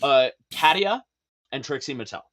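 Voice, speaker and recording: A man as a podcast guest in casual chat, animated and profane, laughing often. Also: mid-range voice, moderate pace.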